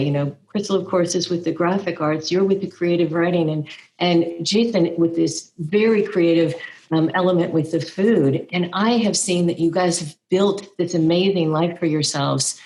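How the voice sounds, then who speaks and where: A woman's voice: on the low side, moderate pace, a little mellow, low-quality recording. A woman moderating a college alumni panel, effusive and openly emotional with praise. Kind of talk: panel discussion.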